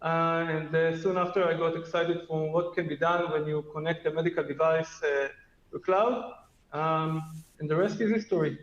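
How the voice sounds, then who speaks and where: Higher-voiced man, halting, on an echoey line. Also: fairly even intonation. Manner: halting, frequent "uh" fillers. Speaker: guest presenter, company technical head. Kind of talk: webinar presentation. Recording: echoey, dull remote mic.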